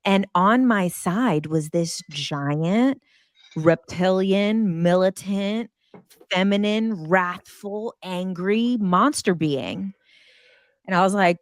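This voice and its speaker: A woman in her thirties telling a personal story in casual chat, animated and acting out her own past reactions. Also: slow, no echo, clean studio sound. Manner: animated, acts out her own past lines in high excited bursts.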